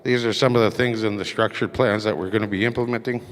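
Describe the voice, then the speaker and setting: A man giving a council portfolio report at a community meeting, halting with many fillers and reading from his notes. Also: fairly low pitch, fairly even intonation. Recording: echoey meeting hall reverb.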